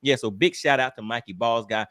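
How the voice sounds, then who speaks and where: A man's voice: medium pitch, fairly quick, a bit bright, no echo, clean studio sound. A man hosting a fishing live stream, chatting casually, teasing his guest and laughing a lot.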